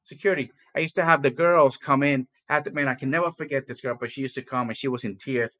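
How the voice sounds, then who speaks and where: A man's voice: mid-range voice, fast, sharp tone. Male co-host for a casual talk show, candid and rambling, loops back on his words. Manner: rambling, repeats himself, blunt and candid. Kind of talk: casual morning talk to viewers.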